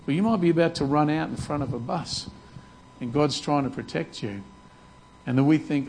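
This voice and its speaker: A man's voice: on the high side, normal speed, a little hiss or hum, low-quality recording. A man preaching a sermon earnestly, often repeating words as he restarts his sentences. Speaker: pastor.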